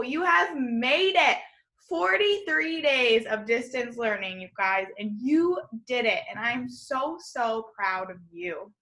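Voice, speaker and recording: A woman leads a remote kindergarten lesson in a clear, bright voice. She speaks very slowly and encouragingly, as to small children. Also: sits high. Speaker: kindergarten teacher. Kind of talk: distance-learning lesson to young children.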